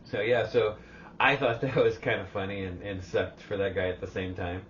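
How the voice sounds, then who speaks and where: A man's voice: fairly low pitch, moderate pace, a bit bright. An older man co-hosting a podcast in casual chat, laid-back and joking. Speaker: podcast co-host. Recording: distant, muffled mic with faint noise.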